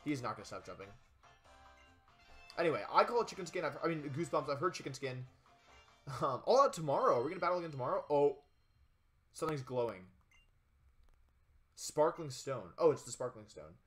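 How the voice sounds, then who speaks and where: A young man giving casual, chatty commentary while playing a video game, excitable with jokey asides. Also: a little high, fairly quick, long pauses, soft background music. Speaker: let's play gamer.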